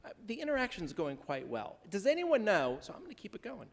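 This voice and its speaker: A male rabbi teaching from the pulpit in a conversational, jokey way, tossing questions out to the congregation. His voice sits a bit high for a man and swings around animatedly. The sound carries a long reverb from the sanctuary around him. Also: huge pitch swings, a little fast, gravelly. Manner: conversational, quizzes the congregation, wry humor. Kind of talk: interactive sermon teaching the weekly Torah portion. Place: synagogue sanctuary during a service.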